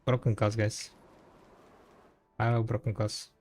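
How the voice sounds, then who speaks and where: A man's voice: lowish voice, little pitch movement, measured pace, a little mellow, soft background music. A man chatting casually on a gaming stream in a rambling, laid-back way, full of fillers and restarts. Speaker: game streamer.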